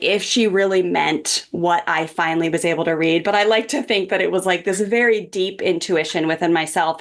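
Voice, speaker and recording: A parenting coach in her forties, appearing as a podcast guest, shares a personal story earnestly and chattily, peppering it with "like" and "um." Her voice sits on the low side.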